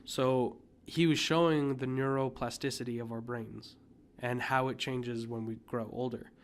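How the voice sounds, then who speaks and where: A man's voice: medium pitch, fairly even intonation, moderate pace, slight background noise. Rambling young man on a podcast. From United States. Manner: rambling, many fillers and restarts, coughs now and then. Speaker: podcast co-host. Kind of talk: casual chat.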